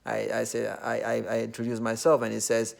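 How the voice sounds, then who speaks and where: A man's voice: mid-range voice, completely flat delivery, brisk, gravelly. A man from Nigeria with a Nigerian accent, talking in a casual, earnest monologue full of fillers. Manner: earnest, loosely phrased with many fillers.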